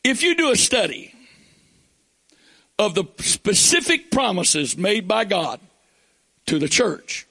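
A man delivering a fervent sermon in a notably high voice. His tone is gravelly and breathy-husky, and he reads scripture aloud between passages of explanation that build into shouts. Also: very animated, slow, long pauses. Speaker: preacher.

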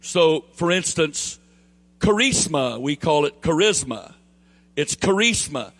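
A man with a Southern US accent preaching a sermon, emphatic and building to near shouts, then easing into quieter storytelling. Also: fairly high pitch, expressive, slow pace. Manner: emphatic, rising to near shouts on key phrases; drops into a quieter storytelling tone for anecdotes.

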